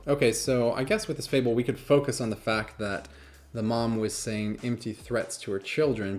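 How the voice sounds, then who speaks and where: A man with a mid-range voice hosts a casual video, talking in a loose, chatty way. He jokes often and breaks into laughs as he reads and muses aloud. He comes across as relaxed and playful. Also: mid-range voice. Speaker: magician and YouTuber. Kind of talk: casual reaction vlog and fable reading.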